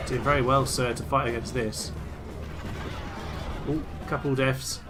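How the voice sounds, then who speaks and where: A man giving excitable, theatrical commentary on a strategy game he is playing, often laughing and cheering. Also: medium pitch, unhurried, long pauses, over music. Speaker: let's play host. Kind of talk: gameplay commentary.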